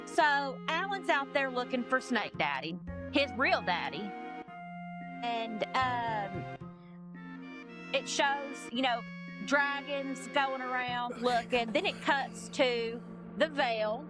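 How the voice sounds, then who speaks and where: A woman's voice: high-pitched, lively intonation, slow pace, music in the background. A woman co-hosting a podcast, recapping episodes in a rambling, casual way full of "like" and "you know.". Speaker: podcast co-host. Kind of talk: casual chat.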